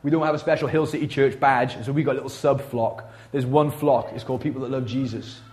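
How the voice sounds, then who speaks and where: A man preaching in a church, talking to the congregation in a casual, conversational way. His delivery is animated, and his voice rises loud and then drops to near hush. His pitch sits in a plain middle range for a man. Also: quick pace. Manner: conversational, animated preaching with big swings in loudness. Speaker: pastor. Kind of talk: sermon.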